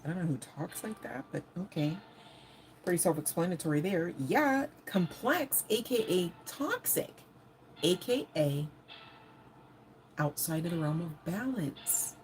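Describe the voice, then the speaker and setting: A woman's voice: fairly low pitch, expressive, a little slow, darkish tone, slight background noise, low-quality recording. A woman giving a casual live-stream tarot reading. She is chatty and blunt, swears often, and laughs as she talks straight to her viewers. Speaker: tarot reader.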